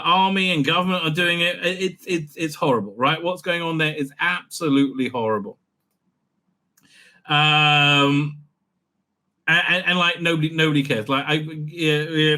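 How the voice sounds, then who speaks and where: Excitable, bright-voiced man ranting casually. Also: fairly high pitch. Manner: excitable, stammering, reads messages aloud and reacts. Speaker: vlog host. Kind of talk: casual commentary.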